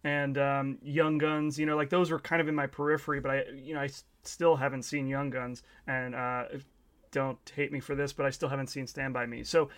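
A man's voice: medium pitch, level tone, brisk, fairly bright tone. A man co-hosting a movie podcast, talking in a thoughtful, rambling way. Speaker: podcast co-host. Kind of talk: casual movie discussion.

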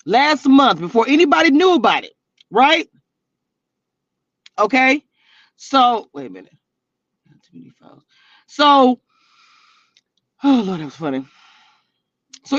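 A woman's voice: high-pitched, a bit bright, no room sound. A woman hosting her own live stream as a reality TV blogger, chatting casually with viewers in a sassy, teasing, slangy way and laughing a lot. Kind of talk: casual live-stream chat reading comments. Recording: dull, lo-fi and dry.

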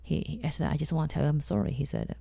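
A woman from China whose first language is Mandarin, telling her own story bluntly as a guest, with halting restarts and acted-out quotes. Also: sits low, vocal fry, dark tone, slightly rough, no echo. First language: Mandarin Chinese. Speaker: guest comedian. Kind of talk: candid personal storytelling.

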